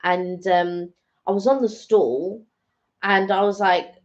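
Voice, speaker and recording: A woman co-hosting a casual live-stream chat, telling stories in an animated, rambling way with lots of restarts. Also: mid-range voice, unhurried, muffled recording. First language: French-based Creole from family, also speaks French. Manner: chatty, animated storytelling with restarts. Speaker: channel co-host. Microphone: home live-stream microphone.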